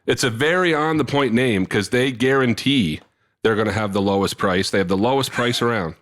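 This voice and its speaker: Speaking a little fast at a medium pitch, this man co-hosts a podcast with casual chat and a live ad read. He tells funny stories with plenty of laughter, animatedly performing the voices of the people in them.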